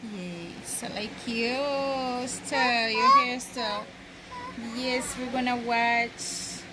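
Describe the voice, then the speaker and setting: A woman with a high voice who talks at an unhurried pace, filming a cheerful family vlog outdoors at a park. She speaks in a sing-song way to her children, and the phone recording picks up plenty of outdoor noise around her. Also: steady tone. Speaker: vlogger mother. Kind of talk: casual family vlog chat. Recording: noisy outdoor phone audio.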